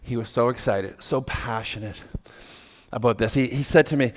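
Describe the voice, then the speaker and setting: A male pastor preaching a sermon, telling a lively story and acting out the voices of the people in it. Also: medium pitch, normal speed. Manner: animated, acts out quoted voices. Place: large church hall. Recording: long hall reverb.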